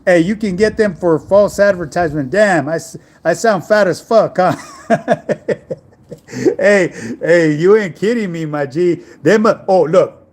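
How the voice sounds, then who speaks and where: High-voiced laid-back man on a livestream. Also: measured pace. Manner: laid-back, street slang, calls everyone homie. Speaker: online fitness coach. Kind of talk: casual livestream chat reading viewer messages.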